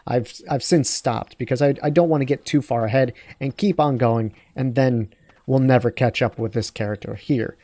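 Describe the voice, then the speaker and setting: A man's voice: medium pitch, moderate pace, warm tone, dry recording. A man hosting a let's play, talking through his game in a rambling, digressive, self-deprecating way. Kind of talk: casual gameplay commentary.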